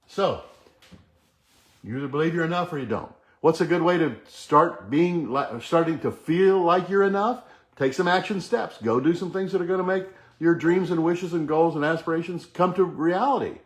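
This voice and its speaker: A man's voice: a little high, expressive, brisk. A middle-aged man hosting a motivational talk, earnestly leading the listener through repeated affirmations. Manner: earnest, repetitive chanting of affirmations. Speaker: host.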